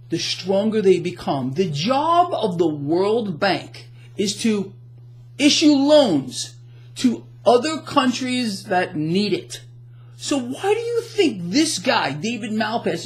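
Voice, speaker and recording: A man hosting financial commentary, ranting to the camera with emphatic sarcasm and rhetorical questions. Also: high voice.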